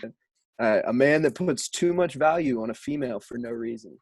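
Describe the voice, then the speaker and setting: Young man, casual podcast co-host, easygoing, teasing, medium pitch. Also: brisk, darkish tone, husky.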